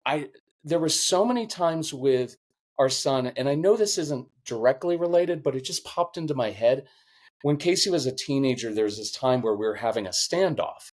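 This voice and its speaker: A man's voice: mid-range voice, normal speed. Middle-aged guy on a parenting podcast, earnest, kinda emotional, voice catching. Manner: earnest, emotional, animated storytelling. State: choked up. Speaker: podcast guest, parenting coach. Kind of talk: conversational interview.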